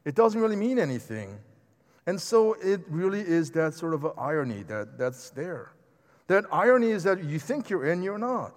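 A man preaching a sermon in a lively, conversational way, with asides to the congregation. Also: high-pitched. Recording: long hall reverb.

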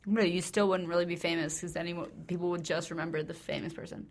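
A woman's voice: lowish voice, steady tone, fast talker. A young woman co-hosting a podcast in casual chat, talking in a dry, matter-of-fact way and often mumbling. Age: young adult. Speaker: podcast co-host.

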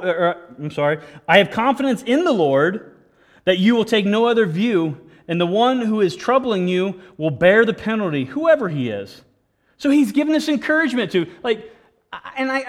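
High-voiced pastor preaching with stammering energy. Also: male voice. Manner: animated, stammering restarts, jokey asides. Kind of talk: sermon.

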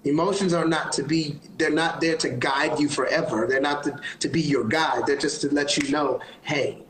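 A man's voice: on the high side, steady tone, moderate pace, a bit bright, a little hiss or hum. Earnest man giving heartfelt advice, roomy sound. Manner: earnest, encouraging, sermon-like advice. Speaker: gospel singer, interview guest. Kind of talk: live-stream interview chat. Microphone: phone on a live video call. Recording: roomy phone live-stream audio.

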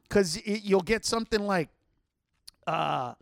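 A man with a notably high voice hosts a podcast from his home setup, and the sound is close and dry with no room around it. He tells stories in a loose, animated way, swearing freely and jumping into other people's voices to act out what they said. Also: moderate pace, no echo. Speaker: podcast host. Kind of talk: casual storytelling to listeners.

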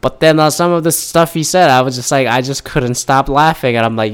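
A man's voice: mid-range voice, steady tone, fairly quick, hardly any pauses, clear, resonant tone. A man in a casual, rambling monologue, profane and sarcastic, a little tired as he winds down from caffeine. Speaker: vlogger.

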